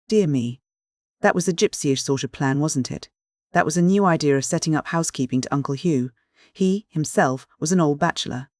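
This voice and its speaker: An audiobook reader narrating a classic novel in a measured, even manner. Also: medium pitch, no echo, studio quality.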